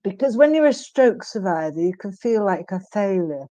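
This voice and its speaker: A woman in her fifties, a guest in an interview, speaking earnestly and emphatically with frequent pauses and restarts. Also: medium pitch, sing-song, mellow, no room sound, lo-fi sound. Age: 50s. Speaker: guest, stroke survivor. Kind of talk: candid interview conversation.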